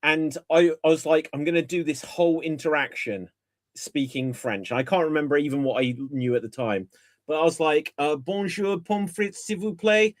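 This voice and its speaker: A man's voice: a little high, fairly quick, no room sound. A man hosting a casual live-stream chat, joking and acting out bits of dialogue as he tells stories. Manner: jokey, acts out bits of dialogue. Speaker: podcast host.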